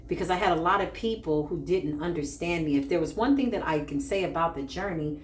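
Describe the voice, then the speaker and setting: A woman doing a spiritual reading, telling a personal story in a casual, animated way and often acting out what others said. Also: lowish voice. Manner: animated, acts out quoted voices, laughs often. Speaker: spiritual reader. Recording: echoey room with faint background noise.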